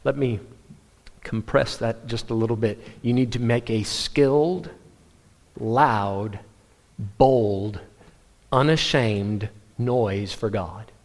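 Male pastor, middle pitch, lively sermon delivery, big church reverb. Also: takes it slowly, long pauses. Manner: animated storytelling, self-interrupting restarts. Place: church sanctuary. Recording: long hall reverb.

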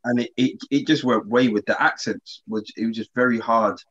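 A man, co-hosting a casual chat and telling a story in relaxed slang with many restarts. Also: mid-range voice, moderate pace, breathy edge. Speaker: podcast co-host. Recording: slightly dull lo-fi sound.

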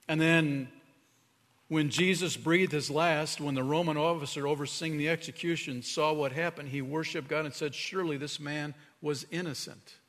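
Male pastor, earnest sermon delivery, a little high-pitched, long church reverb. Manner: earnest preaching, drops to a hushed tone for emphasis. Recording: reverberant hall.

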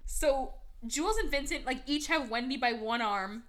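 A young woman hosting a podcast, casually recapping a movie with sarcasm, lots of fillers and quick quoted voices. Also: sits high. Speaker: podcast host.

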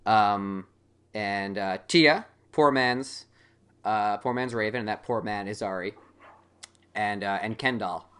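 A man's voice: fairly low pitch, slow pace, a bit bright, smooth. A man co-hosting a casual podcast chat, rambling and joking with many fillers. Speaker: podcast co-host.

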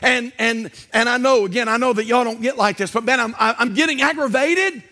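A man's voice: extremely high pitch, brisk, bright, forceful tone. A male pastor preaching a sermon in a folksy, conversational way that builds in intensity.

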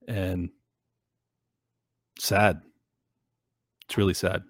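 A man's voice: low-pitched, flat delivery, slow, long pauses, fairly bright tone, dry recording, studio quality. A man hosting his own show, talking earnestly and emotionally to his viewers in a rambling way, with many fillers. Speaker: show host. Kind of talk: casual monologue to viewers.

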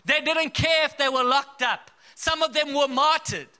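A man from South Africa delivering an emphatic sermon, telling stories with bursts of laughter. His voice sits very high for a man, with a sharp, bright edge. He builds his points in a rousing preaching style. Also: normal speed.

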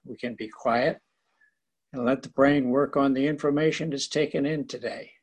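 A man giving a short prepared talk as an invited guest, in measured, declarative sentences. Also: medium pitch, fairly even intonation, husky.

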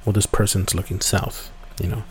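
A man's voice: sits low, flat delivery, normal speed, a little hiss or hum. A man hosting a podcast, telling a story casually with many fillers and restarts. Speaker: podcast host.

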